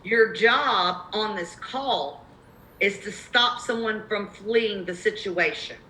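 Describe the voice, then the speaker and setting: Bright-voiced Southern woman coaching. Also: mid-range voice, slow, echoey room, slight background noise, rough recording. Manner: emphatic, repeats key points. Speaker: real estate cold-calling coach. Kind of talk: live coaching webinar.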